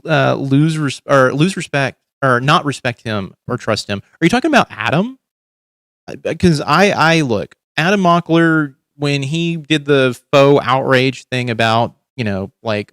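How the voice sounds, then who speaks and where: A man's voice: mid-range voice, expressive, a little slow, a bit bright, no echo, studio quality. Ranting man swearing on a livestream. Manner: ranting, heavy swearing, frequent restarts. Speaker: livestream host. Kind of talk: casual profane commentary.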